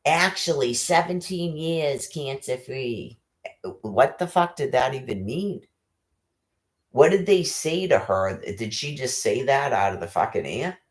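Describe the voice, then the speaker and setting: A man with a medium-pitched, sing-song voice rants angrily at a measured pace, swearing constantly and firing off rhetorical questions.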